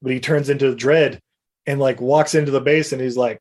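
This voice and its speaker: A man's voice: medium pitch, steady tone, normal speed, darkish tone. A man casually recapping an episode as a podcast co-host, rambling and laughing as he goes. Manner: rambling and laughing, with lots of fillers.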